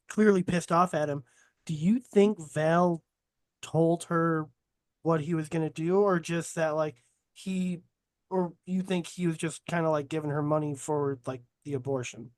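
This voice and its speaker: A man's voice: fairly high pitch, a little mellow, no echo. A young man hosting a casual podcast, asking rambling questions full of fillers. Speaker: podcast host. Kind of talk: casual chat.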